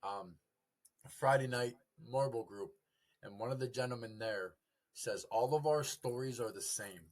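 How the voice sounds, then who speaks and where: A young man, a podcast guest, telling his recovery story in an earnest, halting way. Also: medium pitch. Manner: earnest, halting, quotes family dialogue.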